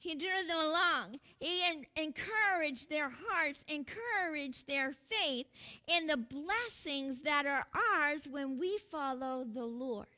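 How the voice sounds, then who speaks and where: A woman pastor preaches in a slow, measured sermon. Her voice sits high and sounds bright. She speaks earnestly, turning to the congregation with asides and laughing lightly between her points. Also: lively intonation.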